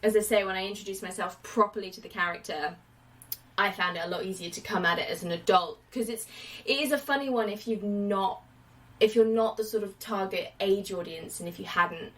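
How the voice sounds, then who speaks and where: A woman in her late twenties chatting casually as the host of a film podcast, with lots of fillers and lively asides. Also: medium pitch, fairly quick, distant mic, poor audio. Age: late 20s. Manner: chatty, animated, many fillers and quoted asides.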